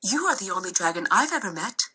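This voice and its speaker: Kind cheerful young girl, bright and a little husky, lady reading aloud. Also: mid-range voice, big pitch swings, fast, heavily acted. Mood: reassuring. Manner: warm, reassuring.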